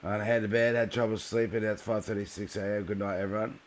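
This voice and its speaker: A man's voice: lowish voice, fairly even intonation, quick pace, a little hiss or hum. A young man streaming a game, chatting casually and answering viewers' messages by name. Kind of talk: casual live-stream chat while gaming.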